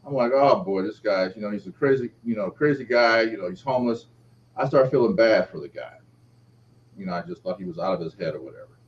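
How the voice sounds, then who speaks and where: Middle-aged man telling a lively story. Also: fairly quick, pauses often. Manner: lively, acts out quoted speech with shifting pitch. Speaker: author and interview guest. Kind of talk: animated personal storytelling. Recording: dull lo-fi audio with faint background noise.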